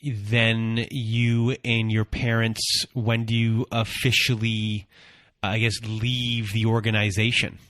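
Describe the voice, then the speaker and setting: A male podcast host with a low, flat voice who asks his questions slowly and hesitantly. The sound is dry and close. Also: dry recording. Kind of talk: interview questions.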